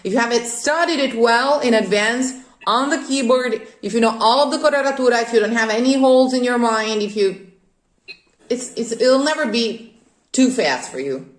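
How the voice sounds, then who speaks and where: A woman's voice: a little high, normal speed. A woman coaching a singer on Italian opera diction, explaining rules and singing short phrases to show them. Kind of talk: vocal coaching lesson. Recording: echoey room.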